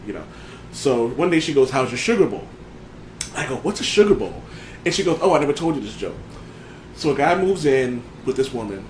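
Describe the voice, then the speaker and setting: A man's voice: medium pitch, echoey room, a little hiss or hum, poor audio. A man hosting a casual podcast chat, rambling with lots of fillers and restarts as he tells a story. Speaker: podcast host.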